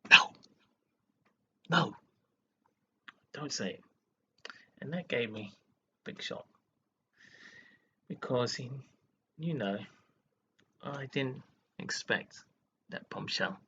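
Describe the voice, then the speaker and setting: An upset man speaks slowly in a low, gravelly voice with a sharp edge, rambling and close to tears as he talks to his webcam. The audio is dull and lo-fi, with a faint hiss behind him. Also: lively intonation. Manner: upset, rambling, frequent "you know". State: emotional, near tears. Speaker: teacher. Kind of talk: emotional personal vlog. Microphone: webcam mic.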